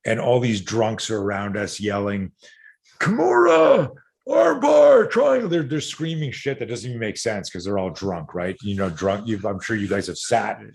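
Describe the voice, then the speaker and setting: Middle-aged guy, low voice, rambling fun story with lots of ums and cussing. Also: normal speed, hardly any pauses. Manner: animated storyteller, casual swearing, frequent fillers. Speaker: self-defense coach, guest. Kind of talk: casual podcast storytelling.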